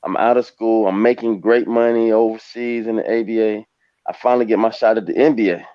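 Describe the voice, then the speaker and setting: A US-born former professional basketball player in his forties gets emotional as he rambles through his life story in a panel conversation. He talks fairly quickly in a lowish, fairly even voice, captured in a dry, dull recording.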